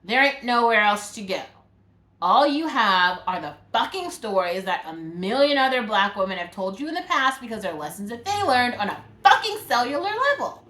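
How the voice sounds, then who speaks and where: A woman's voice: a little high, big pitch swings, moderate pace, bright, forceful tone. A woman delivering a frustrated, profane vlog rant, full of "like" fillers. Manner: exasperated, profane, many "like" fillers. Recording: roomy echo.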